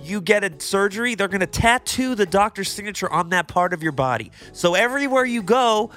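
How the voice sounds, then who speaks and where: A male radio co-host who argues sarcastically in a bright, slightly high voice. Faint music plays behind him. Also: animated, brisk. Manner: argumentative, sarcastic. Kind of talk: casual studio banter.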